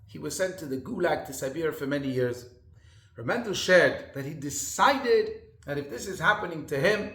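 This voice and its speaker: A man's voice: fairly high pitch, fairly bright tone, echoey room. A man rabbi giving a sermon in an earnest storytelling manner with emphatic repetition.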